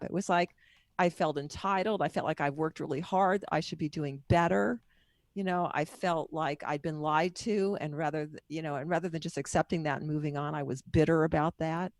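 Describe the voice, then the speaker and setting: A woman's voice: deep voice, normal speed, no echo. A middle-aged woman being interviewed as a guest author and coach, telling her story in a candid, personal, wandering way.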